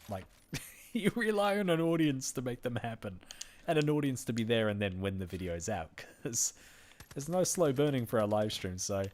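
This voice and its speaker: An Australian man from Western Australia, chatting casually with his viewers while streaming a game, laughing often and thanking people by name. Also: lowish voice. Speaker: gaming streamer. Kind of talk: casual live-stream commentary.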